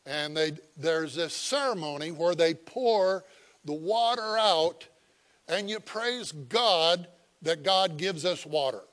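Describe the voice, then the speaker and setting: A man preaching a sermon, folksy and chuckling, moving from quiet asides to loud, emphatic cries as he tells the story. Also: fairly high pitch. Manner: folksy, chuckling, with halting fillers. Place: visiting church.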